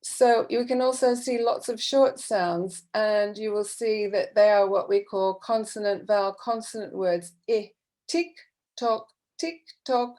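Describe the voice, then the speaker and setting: A woman's voice: medium pitch, fairly even intonation, unhurried, hardly any pauses, dark tone. A woman teacher trainer explaining classroom methods in a patient, explanatory way, with frequent fillers. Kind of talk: online teacher-training talk.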